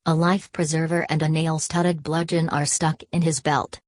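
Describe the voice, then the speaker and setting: A woman narrating a novel aloud in a measured, even reading manner. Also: low voice, no echo. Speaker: audiobook narrator. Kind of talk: scripted literary narration.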